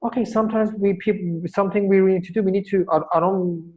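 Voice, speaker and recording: A man's voice: high-pitched, fairly even intonation, fast talker, phone-quality sound. A man coaching a workshop, telling a story and explaining, with frequent restarts. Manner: rambling, restarts often, tells stories. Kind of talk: workshop teaching.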